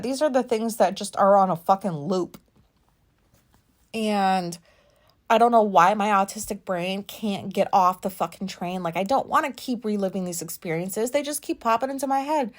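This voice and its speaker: A woman's voice: medium pitch, normal speed. Candid woman in her forties, rambling. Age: 40s. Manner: self-conscious, rambling, swears freely. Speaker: podcast host. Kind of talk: candid personal monologue.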